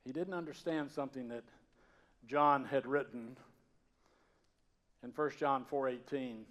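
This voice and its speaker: This sermon comes from a Georgia mountain pastor with a Southern upbringing and accent. His mid-range voice is unhurried, and his storytelling, conversational delivery rises loud and drops to a hush.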